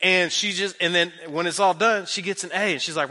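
Animated bright-voiced male pastor. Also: on the high side, brisk, few pauses. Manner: conversational, uses many fillers like "like"; animated, repeats phrases for emphasis. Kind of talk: sermon.

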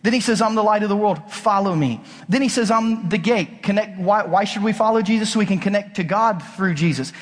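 Man, pastor, high-pitched voice, conversational emphatic sermon, long hall reverb. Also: fairly quick, hardly any pauses. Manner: conversational, emphatic preaching with rhetorical questions. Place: large church auditorium.

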